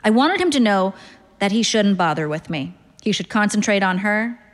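Deadpan woman reading a short story. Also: medium pitch, moderate pace, in a large hall. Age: 30s. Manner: dry, deadpan, wry. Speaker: narrator.

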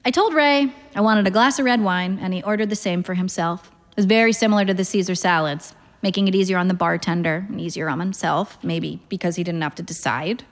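A woman's voice: lowish voice, brisk, hardly any pauses, big-room sound. A woman reading first-person literary fiction aloud in a wry, understated way. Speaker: narrator.

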